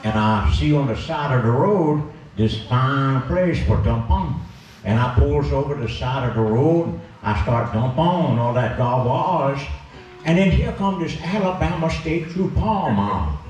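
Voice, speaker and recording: A male pastor telling folksy comic stories in a Cajun persona, deadpan and dialect-heavy. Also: medium pitch, measured pace, slight background noise. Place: church. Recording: echoey church hall from far off.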